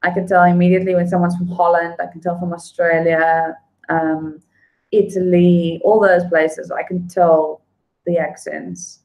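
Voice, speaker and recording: A woman's voice: fairly low pitch, level tone, measured pace, darkish tone, rough recording. A woman chatting casually on a livestream, greeting viewers by name. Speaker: livestream host. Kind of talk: casual livestream chat, reading viewer comments.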